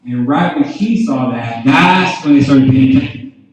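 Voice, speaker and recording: A man preaching a revival sermon as a guest preacher, telling his testimony and often calling out "ladies and gentlemen", his loudness rising and falling. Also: mid-range voice, normal speed. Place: church hall. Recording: echoey hall, distant dull mic.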